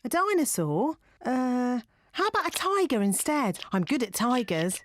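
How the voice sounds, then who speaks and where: A brisk cheerful rabbit lady. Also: fairly high pitch, big pitch swings, no echo, clean studio sound. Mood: helpful. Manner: brisk, helpful, upbeat. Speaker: shopkeeper and librarian. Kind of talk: children's cartoon voice acting.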